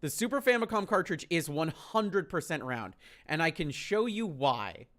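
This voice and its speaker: A man's voice: fairly high pitch, very animated, moderate pace, fairly bright tone. A man telling a story on a stream, profane, incredulous and exasperated.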